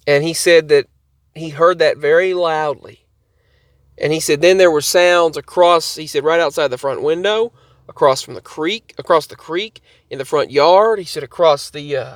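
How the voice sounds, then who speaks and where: A man's voice: on the high side, no echo, studio quality. A man telling a rambling story to camera for his channel, often repeating and restarting his sentences. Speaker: vlogger.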